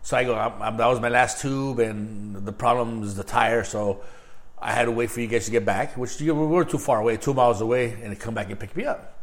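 A man's voice: medium pitch, brisk. A man in casual chat, telling a long story and acting out quotes in a raised voice with laughs.

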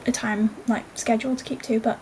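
A woman's voice: fairly high pitch, little pitch movement, fairly quick, darkish tone, slight background noise. A young woman co-hosting a podcast, chatting in an easygoing, rambling way. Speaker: podcast co-host. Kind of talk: casual chat.

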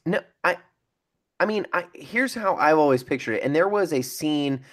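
A man's voice: fairly high pitch, lively intonation, normal speed, a bit bright. A man in a casual theology chat, talking reflectively and recalling how he pictures a scene. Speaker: podcast co-host.

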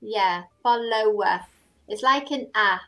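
A woman's voice: a little high, expressive, a little slow. A woman from England teaching English pronunciation over a video call, patiently modeling words to repeat. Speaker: English tutor. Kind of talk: online pronunciation tutoring.

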